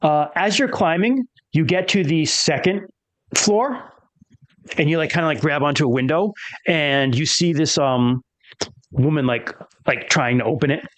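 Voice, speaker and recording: A man's voice: a little high, moderate pace, fairly bright tone. Laid-back male game master. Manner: casual, loose, full of "like" fillers. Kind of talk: narrating a tabletop game.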